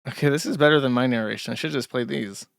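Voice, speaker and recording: A podcast host gives crude, profane and sarcastic commentary while reacting to online content. He talks fast in a mid-range voice with vocal fry, recorded dry with clean studio sound.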